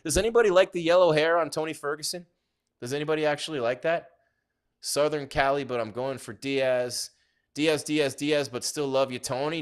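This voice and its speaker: Hyped male livestream host. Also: medium pitch. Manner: hyped, rambling, shouting out viewers. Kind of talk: casual live commentary.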